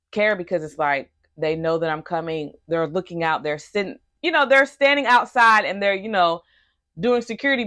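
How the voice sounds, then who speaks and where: A woman's voice: fairly low pitch, dry recording, dull audio. A young woman telling a personal story in a storytime vlog, earnest and emphatic. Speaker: vlogger.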